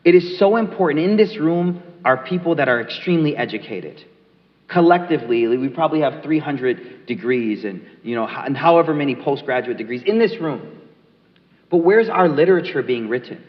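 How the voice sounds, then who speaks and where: A man's voice: a little high, animated, moderate pace. Earnest man telling stories in an echoey hall. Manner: emphatic, earnest storyteller. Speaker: author being interviewed. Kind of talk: conversational interview with storytelling. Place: large mosque hall. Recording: echoey hall, dull lo-fi sound.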